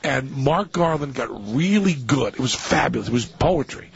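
Male talk radio host, excitable rambler, rough gravelly voice, muffled radio sound. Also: medium pitch, normal speed. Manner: excitable, stammering restarts, gleeful. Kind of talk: casual radio talk show banter. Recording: dull lo-fi radio broadcast.

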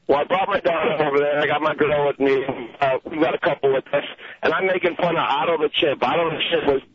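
Male phone-in caller, slightly higher voice, eager storyteller, noisy crowd background. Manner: lively, rushed storytelling. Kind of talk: phone-in anecdote. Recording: dull radio broadcast, crowd noise behind.

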